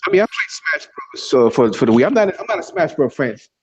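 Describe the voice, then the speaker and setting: A man on a gaming podcast panel speaking in a halting way, often repeating words, over muffled online call audio. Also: on the high side, big pitch swings, a little hiss or hum. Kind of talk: casual gaming podcast chat.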